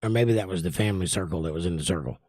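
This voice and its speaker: Relaxed man reading chat on a livestream. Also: deep voice, very fast, no room sound, clean studio sound. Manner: relaxed, rambling, reads viewer comments aloud. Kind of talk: casual chat. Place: indoors at home by a window. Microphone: desk microphone.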